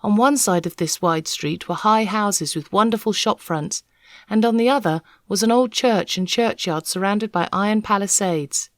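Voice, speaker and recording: A woman reading a children's novel aloud, an expressive, measured storyteller. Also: mid-range voice, no echo, studio quality. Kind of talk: expressive read-aloud narration.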